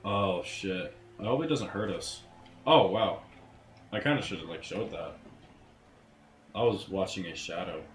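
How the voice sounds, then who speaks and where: A man casually commentating a video game, crude and heavy on the swearing, who breaks into sudden loud outbursts. His voice sits on the low side. The recording is roomy and echoey, with faint noise underneath. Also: expressive, measured pace, long pauses. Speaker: let's play gamer.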